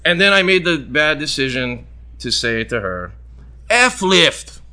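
A man's voice: normal speed, clean tone. A man hosting a show, telling a long anecdote in casual chat and acting out the people in it. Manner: animated, acts out quoted voices with big jumps in pitch. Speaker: radio show host.

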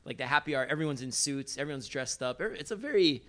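A man's voice: medium pitch, animated, rapid-fire, a bit bright. A man co-hosting a casual podcast, easygoing and laughing a lot. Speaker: podcast co-host. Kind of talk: casual banter.

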